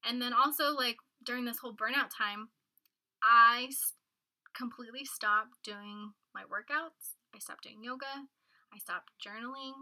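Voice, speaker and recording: A woman's voice: on the high side, steady tone, a little slow, sharp tone, low-quality recording. A woman chatting casually and candidly, rambling a little and swearing now and then. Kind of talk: casual chat.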